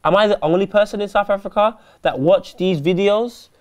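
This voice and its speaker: A man's voice: high voice, fairly quick, darkish tone. A young man co-hosting a casual football chat show in a studio, with dry, laid-back banter. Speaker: co-host. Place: studio in London.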